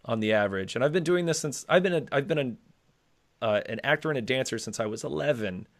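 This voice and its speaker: A man's voice: mid-range voice, animated, fast. A man with an ordinary mid-range voice chats loosely as co-host. He rambles, restarts his sentences, and drops casual swear words as he gets going. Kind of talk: casual podcast chat.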